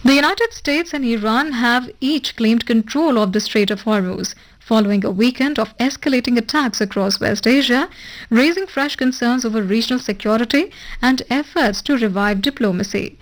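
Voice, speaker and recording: A woman reading a formal radio news bulletin in a measured, even broadcast delivery. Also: a little high, poor audio. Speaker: newsreader. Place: radio studio.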